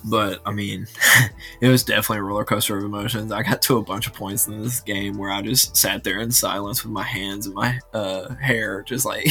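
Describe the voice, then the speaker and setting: A man co-hosting a casual sports podcast, rambling and animated as he retells watching a game. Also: on the low side, brisk, soft background music. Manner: rambling, animated, many fillers and restarts. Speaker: podcast co-host.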